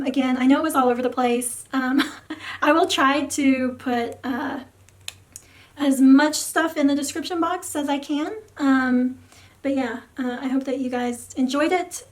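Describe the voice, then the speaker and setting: High-voiced young woman with a sore throat. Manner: rambling, many fillers and soft trailing words. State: sore throat, losing her voice. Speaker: photocard collecting vlogger. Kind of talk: casual rambling vlog talk.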